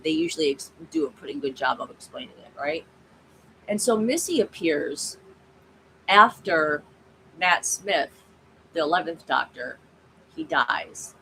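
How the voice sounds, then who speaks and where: A woman's voice: sits low, pushed and bright, a little hiss or hum, poor audio. A woman hosting her own channel, chatting casually and rambling through a story with frequent asides to viewers. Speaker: channel host.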